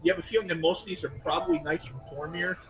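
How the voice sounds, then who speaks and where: A man's voice: on the high side, steady tone, crowd noise, poor audio. A man running a tabletop game as game master, narrating casually with restarts. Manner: casual, loose, with restarts and quick figure voices.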